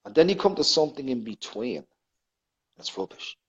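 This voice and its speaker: A man's voice: medium pitch, sing-song, moderate pace. A man co-hosting a poetry show, earnest and enthusiastic, repeating his points. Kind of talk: casual chat on a live show. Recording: dull lo-fi line.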